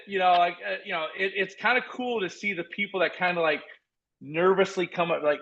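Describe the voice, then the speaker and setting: A man in his forties from South Dakota, a podcast guest telling stories in an energetic, earnest, rambling way full of restarts. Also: high voice, brisk, highs cut off. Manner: earnest, motivational. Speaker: podcast guest, former college football walk-on. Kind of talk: casual conversational storytelling.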